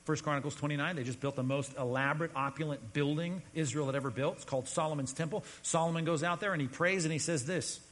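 Husky-voiced preaching man in a reverberant hall. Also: on the high side, fast, hardly any pauses. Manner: emphatic, conversational preaching with sudden drops to quiet. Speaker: pastor. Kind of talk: sermon.

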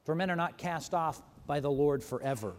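A man with a high voice preaches a sermon, animated and emphatic, pausing now and then to correct himself. His voice rings with a long reverb, like a big church hall. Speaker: pastor.

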